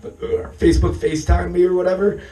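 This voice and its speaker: A hoarse man losing his voice, telling a rambling, profane stand-up story on a comedy stage and chuckling as he goes. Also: sits high, flat delivery, quick pace, warm tone, far from the mic, rough recording.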